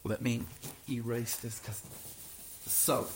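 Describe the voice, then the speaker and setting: A man's voice: medium pitch, flat delivery, takes it slowly, reverberant, background noise. A man teaching a Bible study to a small group, speaking earnestly and with emphasis, often restarting phrases and checking that his listeners follow.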